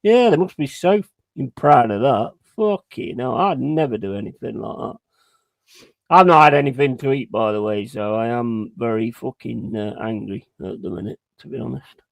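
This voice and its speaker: A man streaming a live football watch-along, ranting and swearing heavily as he calls the play. His voice sits at a middling pitch and sounds close and dry, with no room around it. He breaks off to banter with his chat. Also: moderate pace, creaky, dry recording. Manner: heavy swearing, ranting and frustrated; banters with chat and gives shout-outs.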